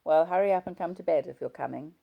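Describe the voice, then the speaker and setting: A woman's voice: deep voice, quick pace, gravelly, highs cut off. A woman voicing an irritable, short-tempered young husband in an audiobook reading.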